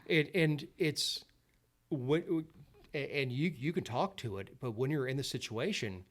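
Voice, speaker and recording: A man's voice: medium pitch, lively intonation, measured pace. A man guest on a podcast, telling his story earnestly and often repeating words and restarting his sentences.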